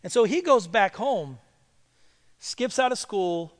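A male pastor telling a story in a sermon and building to loud, emphatic preaching. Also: high voice, lively intonation, takes it slowly, in a large hall.

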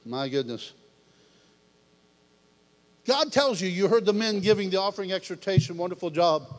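A man preaching a lively sermon, swinging from hushed talk to shouts and laughing between lines. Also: high-pitched, moderate pace. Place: church sanctuary. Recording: long hall reverb.

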